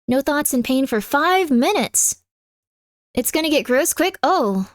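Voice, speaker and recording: Woman, high voice, live-stream chat, home room, lots of "like", sudden yelps, dry close sound. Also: expressive, a little slow, no room sound. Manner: chatty, peppered with "like", loud yelps at her cat.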